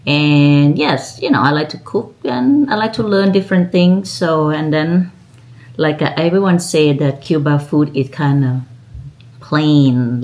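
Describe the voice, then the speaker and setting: Thai woman chatting slowly in broken English. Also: sits low, a little mellow. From Thailand. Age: 50s. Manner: chatty, broken English, drawn-out friendly phrases. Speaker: vlogger. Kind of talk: casual chat to camera.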